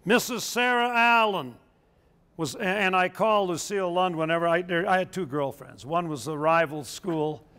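A man's voice: high voice, normal speed, pushed and bright, clear, resonant tone. An older man who is a local historian, telling history in a folksy, anecdotal way with joking asides. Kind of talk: storytelling history talk.

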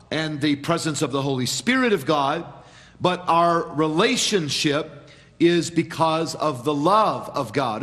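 A man preaching a sermon as pastor in a church, measured, with dramatic pauses and sudden quiet drops. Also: sits high, long reverb tail. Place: church sanctuary.

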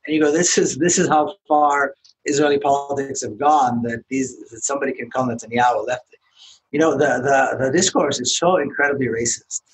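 A mid-pitched man speaks as a guest in a podcast interview. He talks earnestly and with emphasis, at a measured pace. Faint background noise sits under his voice. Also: steady tone, poor audio. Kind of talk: interview conversation.

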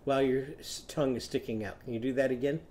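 A man's voice: mid-range voice, fast, slight background noise. A man teaching a children's phonics lesson, telling a short story and leading simple songs for young learners to repeat. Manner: animated, coaxing, sings lines for children to echo.

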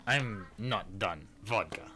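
A man's voice: fairly low pitch, animated, slow, sharp tone. A man chatting casually and joking with friends while playing an online shooter, now and then swearing at the game. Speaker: gamer streaming multiplayer with friends. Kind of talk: casual gaming chat.

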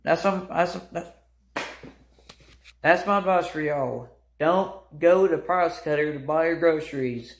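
A young man telling a mocking, animated storytime rant as a vlogger. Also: fairly high pitch, reverberant. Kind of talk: ranting storytime vlog.

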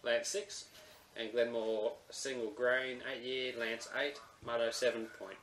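A man with a bright voice talks in a wry, joking way in a casual chat. He sounds roomy and echoey. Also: mid-range voice, flat delivery, a little slow, slight background noise. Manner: wry, mock-stern jokes. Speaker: podcast co-host. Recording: echoey room.

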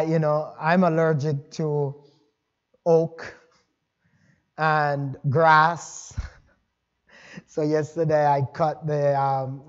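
A man's voice: a little high, lo-fi sound. A male pastor preaching a sermon in a conversational, folksy way, with chatty asides to the congregation. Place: church sanctuary.

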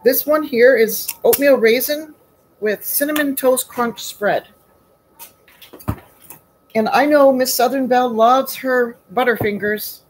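A woman's voice: fairly high pitch, slight background noise, poor audio. A woman hosting a casual live baking stream from her home kitchen, chatty and folksy, greeting viewers by name.

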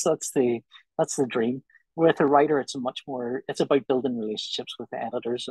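Man, comic artist guest, husky, voice sits a bit high, dry close sound. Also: dry recording, poor audio. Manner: animated, acts out little dialogues. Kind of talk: casual podcast conversation.

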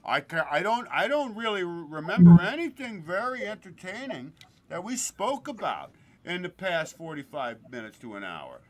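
A man's voice: sits high, sing-song, moderate pace, slight background noise. A man hosting a podcast in a crude, joking casual chat, laughing often. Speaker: podcast host.

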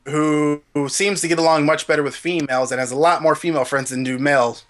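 A man's voice: fairly high pitch, steady tone, fast, fairly bright tone. A man co-hosting a casual chat over a video call, crude and self-mocking, often stammering as he restarts. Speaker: co-host.

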